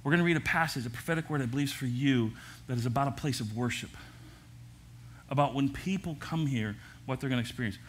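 An older man, a pastor, preaching a sermon at a church service in a lively way, with jokes and asides. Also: medium pitch, fast talker, a little hiss or hum.

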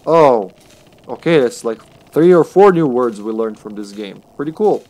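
A man's voice: medium pitch, expressive, moderate pace, a little mellow. A man streaming a text game, narrating it aloud with chatty, jokey asides. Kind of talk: casual game narration with commentary.

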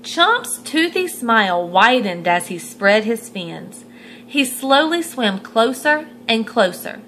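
A woman reading a picture book aloud to children, her voice fairly high and very lively. She stops now and then to point at pictures and ask questions. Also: slow, a little hiss or hum, poor audio. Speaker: storyteller.

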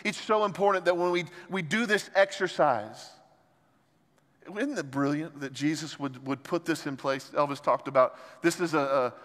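A man's voice: fairly high pitch, normal speed. Impassioned male pastor, reverberant sanctuary. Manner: impassioned preaching, swinging between soft and loud. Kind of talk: sermon. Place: large church sanctuary. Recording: long hall reverb from church sanctuary.

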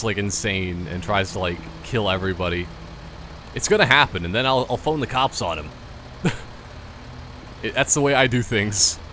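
A man's voice: fairly low pitch, a bit bright, slight background noise. A man giving casual let's-play commentary, rambling and joking through tangents. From Canada. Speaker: gameplay commentator.

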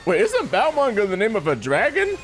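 A man giving excitable, slangy let's play commentary, often yelping into high squeals. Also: moderate pace. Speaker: gaming YouTuber. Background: faint game music.

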